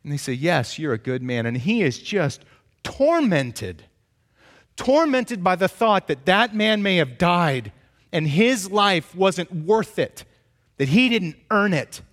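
Guy preaching a sermon, kinda high voice, goes quiet then gets fired up, long hall echo. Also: very animated, slow. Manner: dynamic preaching, swinging from hushed to impassioned. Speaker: pastor.

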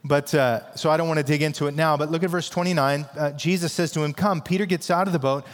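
A man's voice: fairly high pitch, fairly even intonation, quick pace, long reverb tail. A man pastor preaching a sermon in a conversational, emphatic way with casual asides.

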